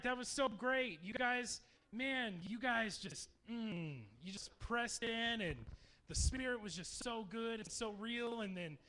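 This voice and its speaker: A man in his thirties from Texas, speaking to campers in a dark meeting hall, telling jokes and stories in a chatty way. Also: high voice. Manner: joking, chatty storyteller. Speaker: youth camp speaker. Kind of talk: humorous youth talk to campers.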